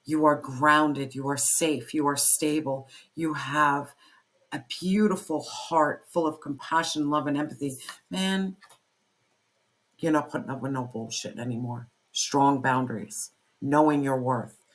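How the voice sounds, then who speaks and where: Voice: mid-range voice, steady tone, a little slow, fairly bright tone. A tarot reader giving an intense, emphatic spoken reading, swearing freely and repeating phrases for emphasis. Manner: fiery, pep-talk delivery.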